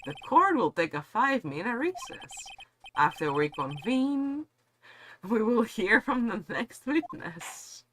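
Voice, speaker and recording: A woman voicing a formal, mild older male judge in measured tones. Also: a little high, sing-song, a bit bright, a little hiss or hum, full character voice.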